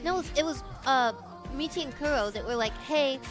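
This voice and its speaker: Woman streamer, high and playful, rambling casual chat, faint music behind. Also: animated, quick pace.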